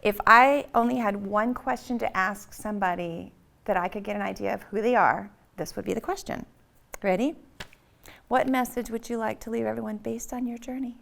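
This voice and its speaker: A woman's voice: medium pitch, fairly even intonation, moderate pace, creaky. A woman hosts a podcast interview, asking long, winding questions. She reflects at length between them in a casual, conversational way. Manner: warm-hearted, reflective, rambling questions. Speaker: podcast host.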